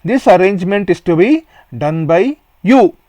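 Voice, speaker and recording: A man's voice: high-pitched, animated, normal speed, mellow, no room sound. A man with an Indian English accent teaching a Sanskrit lesson, reading a textbook play phrase by phrase and explaining each phrase in English.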